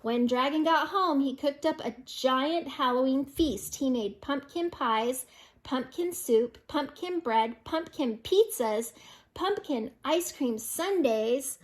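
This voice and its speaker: A woman's voice: high-pitched, slow. An older woman reading a picture book aloud to children, amused and breaking in with chatty asides. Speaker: storyteller.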